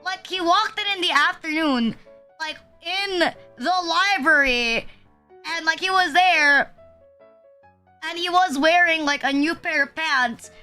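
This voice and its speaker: A woman's voice: very high voice, slow pace, sharp tone, soft background music. A young woman, rambling through a story in a casual chat stream and heaping fillers and self-deprecating asides as she goes. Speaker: VTuber streamer.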